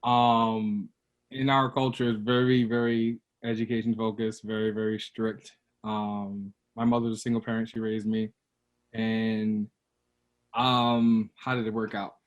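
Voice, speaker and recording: A man's voice: lowish voice, unhurried, dull audio. A man in his thirties from Brooklyn, a guest telling childhood stories in a casual interview and acting out the quotes. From Brooklyn, New York. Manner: animated storyteller, acts out quotes with a raised voice.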